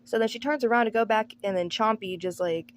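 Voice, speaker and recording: A woman with a slightly high voice and a brisk delivery gives a casual, sarcastic recap of a film on her movie review channel. She's breezy and acts out the characters' lines, and there's slight background noise.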